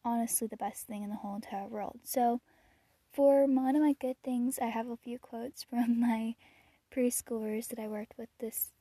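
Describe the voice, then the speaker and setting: Teen girl, casual podcast chat, slightly breathy, fairly high voice, dry close sound. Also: steady tone, moderate pace, no room sound. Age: teens. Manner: rambling, chatty, with frequent fillers and soft laughs. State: a little out of breath. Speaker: podcast host.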